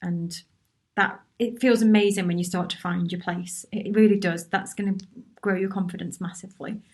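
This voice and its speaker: Woman host, live Q&A, chatty and encouraging, reads viewers' comments, mid pitch. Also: fairly even intonation, normal speed. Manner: chatty and encouraging, with many restarts and asides. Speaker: workshop host answering viewer questions. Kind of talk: casual live Q&A.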